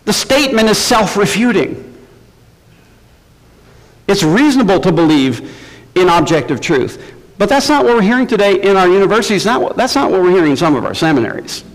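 Animated male preacher in a reverberant hall. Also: sits high, fairly quick, pauses often. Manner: animated, emphatic, rhetorical questions. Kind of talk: sermon.

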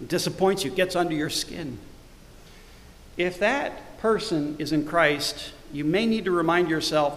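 A middle-aged man, the church's pastor, preaching a sermon; he swells loudly on scripture verses and drops to quiet, conversational asides. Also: fairly high pitch, echoey room, long reverb tail, a little hiss or hum. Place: church sanctuary.

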